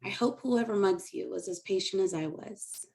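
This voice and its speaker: A woman's voice: mid-range voice, normal speed, gravelly, a little mellow. A woman comic doing a rambling, self-deprecating stand-up set on a video call. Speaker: stand-up comedian.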